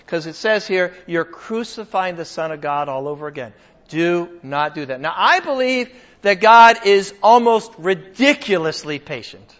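An older man who is a pastor preaches to his congregation in a church hall, his voice high-pitched and a bit bright, the recording dull and lo-fi. He's conversational and emphatic, joking with the people in front of him.

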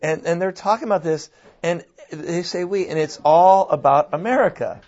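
Male guest speaker, lively and rambling, on a muffled, lo-fi recording. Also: on the high side, normal speed. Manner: animated, restarts often, laughs. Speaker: guest speaker on church and culture. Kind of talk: conversational discussion. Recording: dull lo-fi sound.

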